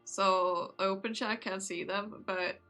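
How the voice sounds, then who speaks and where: A sleepy woman streamer chats casually with her viewers while reading a visual novel. Her voice is bright and lively in a giggly, chatty way. Soft music runs faintly behind her. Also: mid-range voice, takes it slowly. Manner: chatty and giggly, talking to chat. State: sleepy, yawning.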